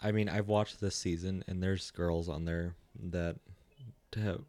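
A man's voice: deep voice, steady tone, a little slow, warm tone, no room sound. A man co-hosting a podcast, chatting casually and retelling things he has watched. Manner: chatty, retells clips with quoted voices. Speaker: podcast co-host. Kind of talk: casual chat.

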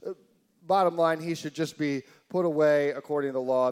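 Animated high-voiced male pastor preaching. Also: fairly quick, smooth. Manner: animated storytelling, incredulous asides, swings from loud to hushed. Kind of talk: sermon.

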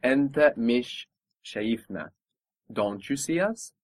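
A man's voice: mid-range voice, animated, normal speed, no echo. A man teaching a spoken language lesson, patiently modelling pronunciation and encouraging his student.

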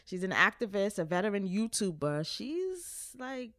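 A woman's voice: mid-range voice, measured pace, no room sound, studio quality. Joking woman podcast host. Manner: animated, joking, laughs often, casual slang. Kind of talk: casual podcast chat.

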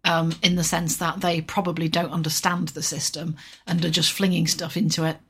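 A woman co-hosting a podcast, speaking in a measured, analytical, dry way. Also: on the low side, flat delivery, husky. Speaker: podcast co-host. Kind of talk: casual podcast discussion.

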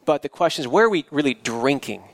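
A man with a fairly high, animated voice talks fast in a dry recording. He's a pastor raised in the countryside, delivering a sermon in church in a conversational style full of restarts and asides.

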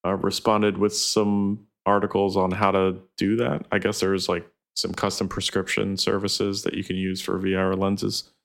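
A man's voice: deep voice, completely flat delivery, moderate pace, creaky, few pauses. A man co-hosting a casual gaming podcast, running through news in a matter-of-fact, rambling way. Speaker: podcast co-host.

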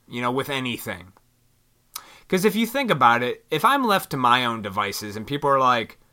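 A man rambling in a casual venting monologue to his viewers, swearing freely and animated. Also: medium pitch. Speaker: vlogger.

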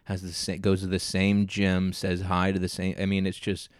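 A man with a fairly low voice talks in a casual podcast chat, exasperated and sardonic, often cracking himself up. The sound is dry and close, with no room around it. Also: monotone, normal speed, no echo. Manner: exasperated, sardonic rants with frequent laughter. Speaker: comedian guest.

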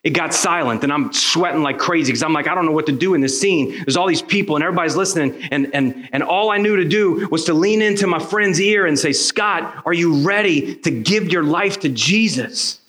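A pastor telling a personal story in a sermon, acting out the voices of the people in it. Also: male voice, on the high side, fairly quick, few pauses. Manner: animated storyteller acting out dialogue.

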